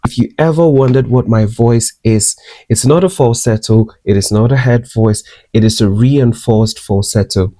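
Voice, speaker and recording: A young man with a Ghanaian English accent tells his own story to the camera. His voice is mellow and warm at a middle pitch. He tells it expressively, in a personal vlog style. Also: moderate pace, dry recording. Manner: expressive, switches into lively quoted voices. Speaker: makeup artist and singer.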